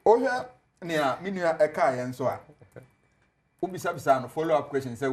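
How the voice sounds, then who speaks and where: A man's voice: on the high side, expressive, a little fast. A man with a Ghanaian accent, a TV panelist arguing politics and laughing at his opponents' claims. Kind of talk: political debate on TV, mixing Twi and English.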